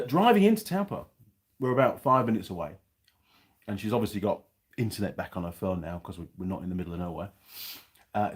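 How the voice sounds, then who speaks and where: A man's voice: fairly low pitch, slightly rough. A man with a New Zealand accent telling a rambling, self-mocking story in a casual vlog. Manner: rambling, self-mocking, restarts mid-sentence. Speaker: vlogger.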